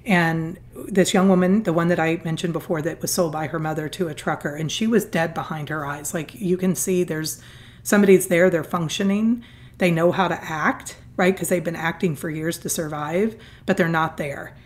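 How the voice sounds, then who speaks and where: A woman guest telling a story in a podcast interview, earnest and animated, often restarting her sentences. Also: fairly low pitch, moderate pace. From Southern California. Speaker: guest, foundation founder.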